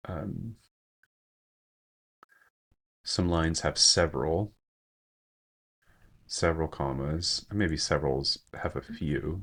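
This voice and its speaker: A man's voice: a bass voice, a bit bright. A man giving a screen-share poetry lesson, thinking aloud with frequent fillers and self-corrections. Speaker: teacher.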